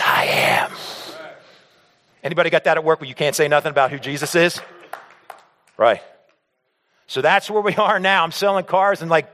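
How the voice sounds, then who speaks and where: Male pastor, lively storytelling sermon, slightly high voice, reverberant hall. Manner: animated, acts out the voices of others in his stories. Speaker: pastor speaking to a men's group.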